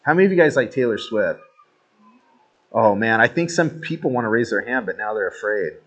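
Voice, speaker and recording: A man preaching a sermon in a conversational, animated storytelling way with joking asides. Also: lowish voice, a little fast, muffled recording. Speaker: pastor.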